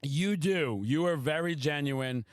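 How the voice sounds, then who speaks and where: A man hosting a podcast, a loud, excitable storyteller who swears often in casual chat. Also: fairly high pitch, unhurried, no echo. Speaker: podcast host.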